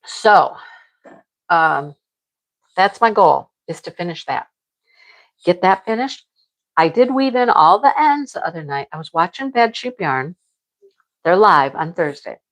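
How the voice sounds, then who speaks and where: A woman's voice: fairly low pitch, sing-song, unhurried, long pauses, poor audio. A middle-aged woman chatting casually to her viewers about her crochet projects, rambling and repeating herself. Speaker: crochet vlogger.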